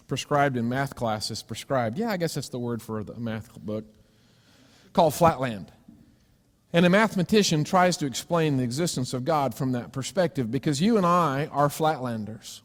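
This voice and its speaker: A male preacher giving a sermon, telling a story with lively acted-out voices for its characters. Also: mid-range voice, in a large hall. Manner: animated storytelling, acting out voices for shapes. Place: church sanctuary.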